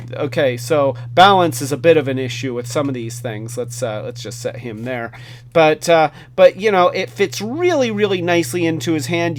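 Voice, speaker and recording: A man's voice: on the high side, a little hiss or hum. A man hosting a casual hands-on toy review, enthusiastic and rambling. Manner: enthusiastic, rambling with fillers and restarts.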